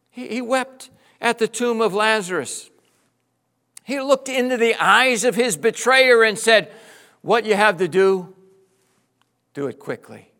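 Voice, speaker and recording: A middle-aged male pastor preaching with passion, swinging between loud exclamations and hushed, tender passages. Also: high-pitched. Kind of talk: sermon.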